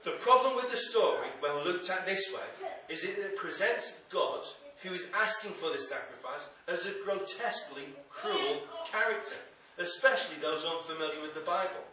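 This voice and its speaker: Bright-voiced male preacher in an echoey church. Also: high voice. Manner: wry, conversational preaching with dry humor. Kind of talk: sermon. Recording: echoey church hall from a distance.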